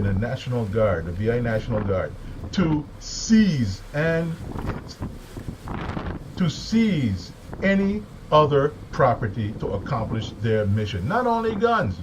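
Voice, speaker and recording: A man giving an agitated, emphatic monologue, repeating words and pausing for deep breaths. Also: very animated. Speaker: political commentator. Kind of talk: impassioned monologue. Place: home, with a small AM radio nearby. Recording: slightly dull lo-fi recording with faint noise.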